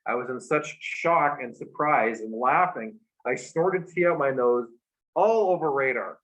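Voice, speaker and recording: Man telling a story, halting speech. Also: mid-range voice, a bit bright, low-quality recording. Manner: halting, many fillers and restarts, laughs along. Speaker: guest. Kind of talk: storytelling in an interview.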